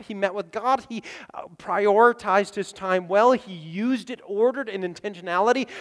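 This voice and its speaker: A man preaching a sermon, animated, acting out the people in his stories and sometimes dropping to a near whisper. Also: high voice. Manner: animated, acts out voices in quotes, drops to near whisper. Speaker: pastor. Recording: long reverb of a hall.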